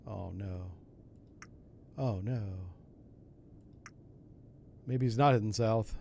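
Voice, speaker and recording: A man's voice: lowish voice, extremely slow, gravelly, long pauses, mellow, a little hiss or hum. A man giving casual commentary as he plays a submarine game, talking himself through each step in a folksy way with asides. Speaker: streamer playing a submarine game.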